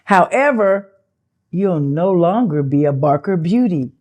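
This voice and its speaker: An older woman, an actress being interviewed, tells her story in a loose, chatty way. She puts on the voices of the people she quotes, and her pitch jumps up when she does. Her usual speaking voice sits a bit low for a woman. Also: unhurried. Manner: animated, acts out quoted dialogue with big pitch jumps.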